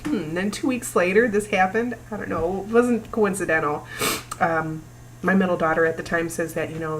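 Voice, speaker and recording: Low-voiced woman speaking emotionally. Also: slight background noise, poor audio. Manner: emotional, halting, breaks down at times. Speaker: vlogger. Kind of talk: personal talk to camera.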